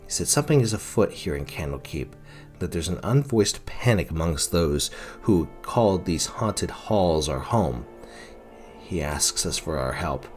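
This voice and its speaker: A man's voice: low-pitched, expressive, unhurried, a little mellow, soft background music. A man narrating his role-play playthrough of a fantasy video game, retelling the characters' lines in his own words with some fillers.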